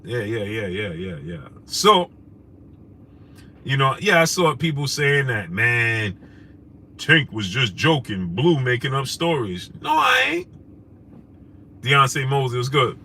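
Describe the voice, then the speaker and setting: A man from New with a bright, forceful voice hosts a loose live stream, greeting viewers by name in casual slang. A faint hum of noise sits behind him. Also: mid-range voice, animated, a little slow. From New York. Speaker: host. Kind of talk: casual live-stream chat, reading super chats.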